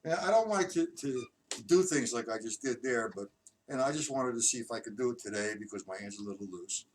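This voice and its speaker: This live-stream drum teacher talks fairly quickly in an expressive, medium-pitched voice, calling out beat counts in a relaxed, conversational style. Background noise is loud, and the mic sits far away.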